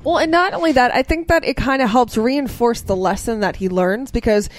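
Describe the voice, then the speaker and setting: A woman's voice: a little high, dry recording. A woman chatting casually about a movie in loose runs full of fillers. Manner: talks in loose, halting runs with many fillers.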